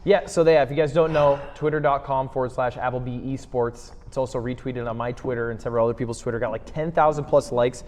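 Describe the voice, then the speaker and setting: A man's voice: mid-range voice, steady tone, quick pace, few pauses, darkish tone, long reverb tail, slight background noise. A man co-hosting a podcast in casual chat, joking and swearing as he tells stories. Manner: joking, profane, storytelling. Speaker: podcast co-host.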